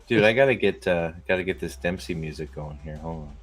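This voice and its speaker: A man's voice: low-pitched, a little fast. Joking, rambling man streamer host. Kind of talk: casual livestream chat.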